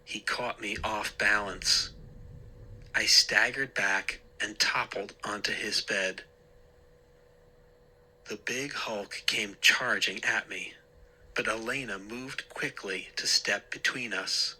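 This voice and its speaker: A man narrating a scary story in a measured, deliberate way. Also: fairly low pitch, bright, forceful tone, husky, low-quality recording.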